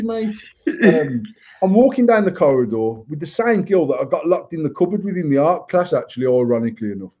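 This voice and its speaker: His voice sits a little high and comes across a little mellow. The speaker is an English podcast host in his thirties or forties, swearing constantly through a crude story in casual chat, recorded in dull lo-fi.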